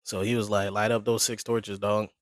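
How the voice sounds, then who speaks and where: A man's voice: lowish voice, moderate pace, no room sound, studio quality. A man casually retelling a story on a podcast, acting out the characters' lines in slang. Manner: animated retelling with slangy acted quotes. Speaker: podcast co-host.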